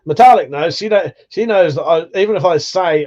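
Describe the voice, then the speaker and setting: A man's voice: on the high side, lively intonation, fairly quick, a little mellow, muffled recording. A man hosting a casual livestream chat, rambling, swearing freely and laughing often. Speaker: livestream host.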